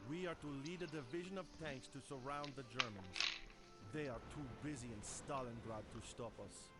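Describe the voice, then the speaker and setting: A man's voice: medium pitch, normal speed, lightly acted. A man voicing a stern Soviet tank commander. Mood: rousing. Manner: rousing, formal briefing. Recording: game cutscene under loud music.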